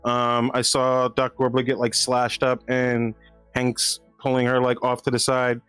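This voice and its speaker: A man's voice: mid-range voice, monotone, unhurried, a bit bright, clear, resonant tone, soft background music. A man playing a tabletop game, chatting in a casual, rambling way and laughing easily. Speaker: player.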